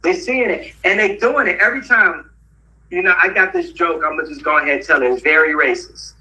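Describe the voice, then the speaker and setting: A man's voice: sits high, fairly quick, sharp tone, distant mic, rough recording. A man talking as an interview guest, rambling through a story and laughing often. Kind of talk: casual rambling talk.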